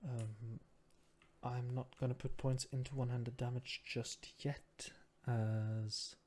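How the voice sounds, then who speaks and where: A man's voice: medium pitch, level tone, slow, darkish tone. A man whose first language is Norwegian, murmuring his thoughts aloud and musing in a self-deprecating way while he plays a game. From Norway. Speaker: gamer. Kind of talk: casual gameplay commentary.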